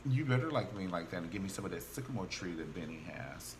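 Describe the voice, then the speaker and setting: A man casually recapping a TV drama, gossipy and animated, acting out the characters' lines as he goes. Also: sits low, fast talker, a little hiss or hum. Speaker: TV show reviewer.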